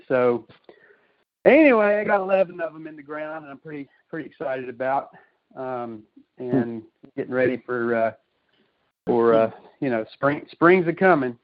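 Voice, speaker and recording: A man's voice: mid-range voice, lively intonation, normal speed. Chatty rambling man on a call. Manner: rambling storyteller, frequent fillers and laughs. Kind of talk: casual chat on a call. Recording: dull lo-fi call audio.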